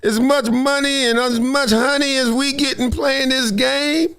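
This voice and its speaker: A man imitating a laid-back rapper's slow, slangy drawl. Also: very high voice, steady tone, fairly bright tone, clear, resonant tone, pitched above the performer's own voice, heavily acted. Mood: teasing.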